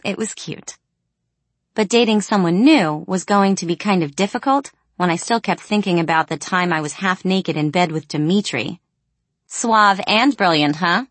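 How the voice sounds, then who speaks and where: A woman reads a first-person novel aloud in a lively, expressive storytelling manner. Her voice sits on the lower side for a woman. The recording is close and dry, with no room echo. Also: normal speed. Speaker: audiobook narrator. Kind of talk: first-person audiobook narration.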